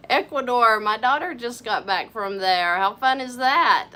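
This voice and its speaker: A woman's voice: a little high, lively intonation, unhurried, sharp tone. A woman hosting a casual live Q&A, upbeat and effusive as she greets viewers by name and hometown. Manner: effusive and chatty. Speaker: livestream host reading viewer chat.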